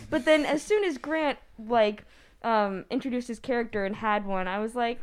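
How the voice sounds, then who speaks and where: A woman's voice: on the high side, normal speed. A woman not from the Midwest, chatting casually and animatedly as a cast member on a talk show. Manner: animated, rambling, many "like"s. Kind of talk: casual chat.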